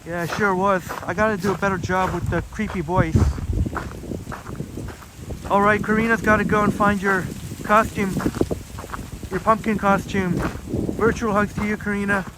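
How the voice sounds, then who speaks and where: Chatty Canadian man, high voice, walking live stream on a phone, outdoor noise behind. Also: little pitch movement, moderate pace, pauses often. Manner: chatty, reads out viewer comments, many fillers. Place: outdoor nature trails in a park.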